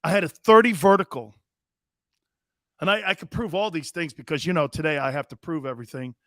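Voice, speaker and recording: A man's voice: fairly high pitch, fairly quick, no room sound, studio quality. A man in his fifties hosting a sports talk show, telling boisterous, rambling anecdotes with emphatic restarts. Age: 50s. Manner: animated, emphatic storyteller.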